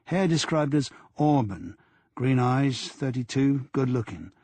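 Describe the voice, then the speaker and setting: A man's voice: medium pitch, animated, unhurried, darkish tone, dry recording. A man voicing an earnest, deferential young male detective sergeant in an audiobook. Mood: reporting.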